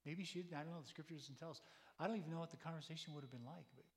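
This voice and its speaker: A man's voice: a little high, racing. Man preaching in a reverberant hall. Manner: conversational, emphatic storytelling with rhetorical questions. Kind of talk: sermon.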